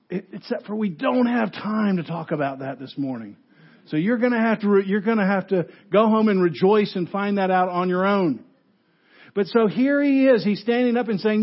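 A husky, fairly high-voiced man preaching a sermon, asking question after question and dropping from loud bursts to near-hushed asides. The recording is dull and lo-fi, like a church sound system captured on modest gear. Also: normal speed. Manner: animated, rhetorical questions, swings from loud to hushed. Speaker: pastor.

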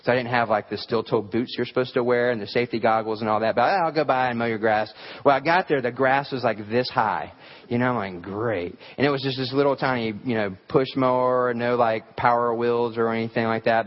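A man's voice: mid-range voice, steady tone, a little fast. Guy preaching a sermon, chatty and joking, kinda muffled recording. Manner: folksy storytelling, lots of fillers, self-deprecating humor. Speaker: pastor.

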